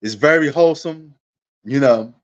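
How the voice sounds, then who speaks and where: A man's voice: a little high, normal speed, lo-fi sound. Laid-back man chatting on a livestream. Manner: rambling, laid-back, talks straight to viewers. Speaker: sports livestream host. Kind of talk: casual livestream chat.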